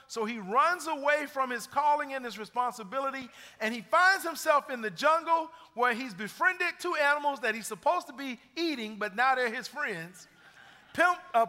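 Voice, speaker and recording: A man's voice: extremely high pitch, sharp tone. A middle-aged man preaching a sermon as pastor, building emphasis and retelling stories with energy. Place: church sanctuary. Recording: long hall reverb.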